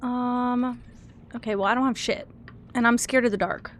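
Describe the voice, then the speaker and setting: A high-pitched young woman streamer talking her chat through a game. She sounds nervous and giggly, swinging between scared whimpers and offhand commentary. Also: fairly even intonation, normal speed, slight background noise.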